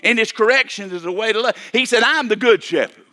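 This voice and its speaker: An older man delivers a sermon in a high, bright voice. He repeats himself, restarts phrases and keeps calling for amens. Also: brisk. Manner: repetitive, stammering restarts, calls for amen. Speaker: preacher.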